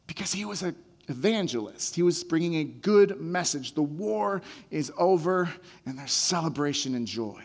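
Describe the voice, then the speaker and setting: A man preaching a sermon as a pastor, talking in a conversational way that repeats words and builds excitement as he retells a scene. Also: on the high side, measured pace, gravelly, big-room sound.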